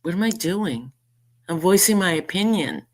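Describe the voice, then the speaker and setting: A woman's voice: lowish voice, expressive, normal speed. A woman vlogging casual commentary, indignant and sarcastic as she reads out messages and mocks them. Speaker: YouTuber responding to a message.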